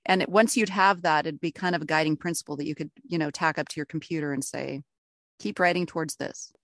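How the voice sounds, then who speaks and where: A woman's voice: sits low, steady tone, quick pace, a bit bright, dry recording, clean studio sound. A woman interviewing an author, asking thoughtful, searching questions. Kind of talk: conversational interview.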